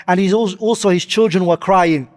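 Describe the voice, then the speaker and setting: Man, high voice, preaching a sermon, quotes Arabic and explains, long hall echo. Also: moderate pace. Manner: quotes Arabic then explains in English, asks the audience questions. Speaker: Islamic preacher.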